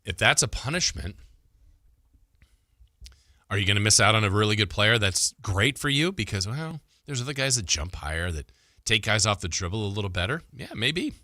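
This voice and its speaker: A male sports talk host, a touch low in pitch and strikingly bright in tone. He rambles conversationally through his opinions, full of fillers and self-corrections. The sound is dry and close, with no room around it. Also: lively intonation, normal speed, no echo. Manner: conversational, thinks aloud with fillers and restarts. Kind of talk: sports talk radio commentary.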